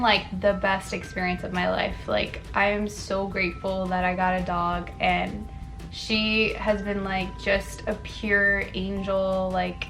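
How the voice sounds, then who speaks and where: A woman's voice: medium pitch, vocal fry, fairly bright tone. Chatty young woman vlogger over faint music. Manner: chatty, filler-heavy, self-correcting, frequent "like" and "um". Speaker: wellness vlogger. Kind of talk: casual chatty facts video.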